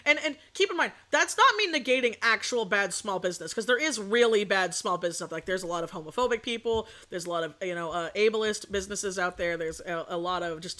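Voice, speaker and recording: A woman's voice: mid-range voice, moderate pace. A young woman streaming as a VTuber, chatting casually and bluntly, with a sore throat. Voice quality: outspoken, animated storytelling. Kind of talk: casual chat.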